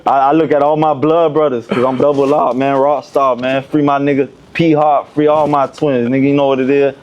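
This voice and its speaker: A man's voice: mid-range voice, level tone, brisk, darkish tone, clean tone, lo-fi sound. A young man guesting on a podcast, telling a prison story in heavy street slang and acting out the other people's lines. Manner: profane street slang, acts out quoted voices. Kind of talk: animated storytelling.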